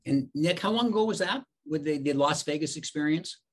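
A man's voice: fairly high pitch, expressive, fairly quick, breathy edge. A man hosting an interview, asking questions in a conversational, reflective manner. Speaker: host. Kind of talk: casual interview.

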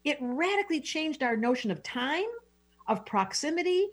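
This middle-aged woman, a guest astrologer, has a high-pitched, sing-song voice and talks at a normal speed. Her interview answers are enthusiastic and emotional, with many restarted sentences.

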